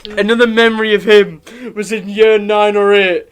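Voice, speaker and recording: A man's voice: high voice, flat delivery, unhurried. A young man with a Sunderland accent chatting casually as a podcast host, rambling through stories, swearing freely and laughing often. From Sunderland, England. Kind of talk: casual chat.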